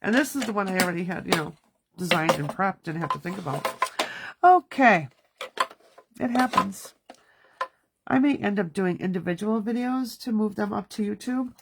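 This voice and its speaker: A woman's voice: medium pitch, creaky, a little hiss or hum. A woman in her thirties hosting a casual crafting livestream from her home studio, chatting and talking to herself as she works. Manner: chatty, talks to herself while working. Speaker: card-making livestream host.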